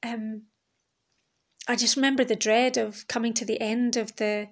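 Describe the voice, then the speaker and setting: Alone on her podcast, this host rambles candidly and reflectively, cursing now and then. Her voice is a little high and flat, moving at normal speed.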